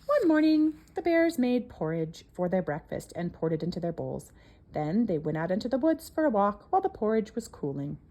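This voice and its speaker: Animated woman reading a children's story. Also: mid-range voice, normal speed. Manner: expressive, sing-song storybook reading.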